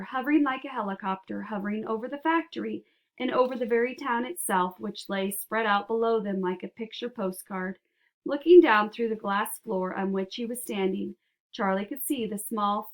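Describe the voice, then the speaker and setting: A woman narrating a children's book aloud, with expressive, animated storytelling. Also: medium pitch. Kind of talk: audiobook narration.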